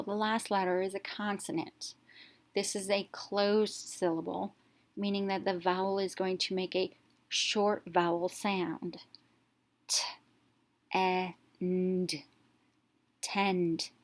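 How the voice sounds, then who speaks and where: A woman teacher giving a step-by-step phonics lesson, slowly sounding out letters one at a time. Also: mid-range voice, little pitch movement.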